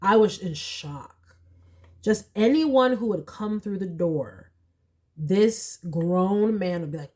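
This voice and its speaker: A young woman giving a casual pick-a-card tarot reading, chatty and animated, with slangy asides. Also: lowish voice, takes it slowly. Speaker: tarot reader.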